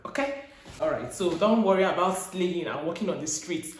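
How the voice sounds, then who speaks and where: Animated Nigerian woman in an echoey room. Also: lowish voice, normal speed, a little hiss or hum. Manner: animated storytelling, acts out dialogue. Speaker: vlogger. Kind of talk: casual chat to camera.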